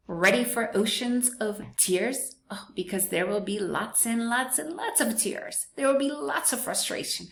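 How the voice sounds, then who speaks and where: A woman's voice: medium pitch, gravelly, a bit bright, roomy sound. A woman hosting a parenting podcast, talking straight to listeners in a blunt, emphatic way that often repeats its points. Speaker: podcast host. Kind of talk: direct-to-listener parenting talk.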